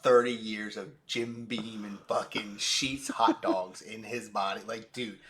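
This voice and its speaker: A man's voice: on the low side, a little slow, crowd noise. A young man co-hosting a sports podcast, telling a story in casual chat with lots of "like" and swearing. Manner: animated, profane storyteller, many "like" fillers. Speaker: podcast co-host.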